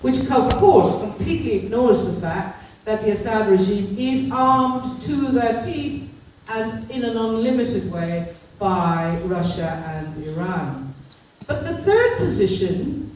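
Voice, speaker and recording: A woman's voice: mid-range voice, expressive, slow, recorded from a distance, a little hiss or hum. Earnest woman speaking in an echoey hall. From Northern Ireland. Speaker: activist speaker. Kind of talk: public speech.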